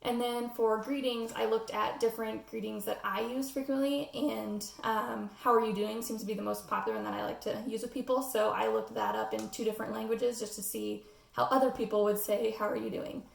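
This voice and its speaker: A woman's voice: fairly high pitch, steady tone, a little fast, creaky, far from the mic. Hesitant American woman, echoey room. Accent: General American. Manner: hesitant, many "um" fillers. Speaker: student presenting a class assignment. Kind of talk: casual spoken class presentation.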